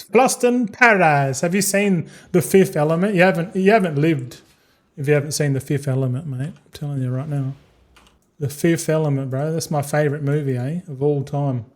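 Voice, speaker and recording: Rambling man, higher voice. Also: darkish tone. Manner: rambling, swearing, talks to chat. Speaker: streamer. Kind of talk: casual livestream chat.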